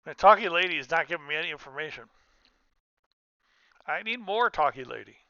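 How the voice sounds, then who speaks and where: A man's voice: on the high side, animated, fairly quick, pushed and bright, no room sound, muffled recording. A man giving casual commentary while playing a trucking game, rambling and cutting himself off with restarts. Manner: rambling, self-interrupting, chatty. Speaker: gaming streamer.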